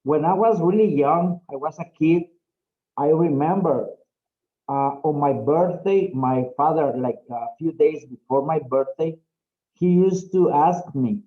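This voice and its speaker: A man's voice: on the high side, a little slow, dull audio. A man teaching an English class over a video call, patient and encouraging. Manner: patient, encouraging, repeats okay often.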